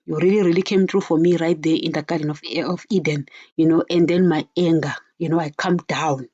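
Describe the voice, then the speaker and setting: Woman podcast preacher, mellow husky voice, earnest and chatty, dull dry lo-fi recording. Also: deep voice, fairly even intonation, a little fast, dry recording. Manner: earnest, repeatedly addresses listeners as "guys". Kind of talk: informal preaching to listeners.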